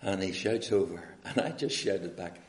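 In an echoey room, a low-pitched preacher with a Northern Irish accent gives a story-filled evangelistic sermon at a moderate pace. He shifts between hushed speech and loud, pleading questions.

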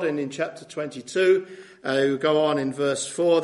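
A man's voice: fairly high pitch, steady tone, moderate pace, darkish tone. Guy preaching a sermon, chatty style, lots of "isn't it?", roomy echo. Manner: conversational preaching with rhetorical tag questions. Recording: echoey room.

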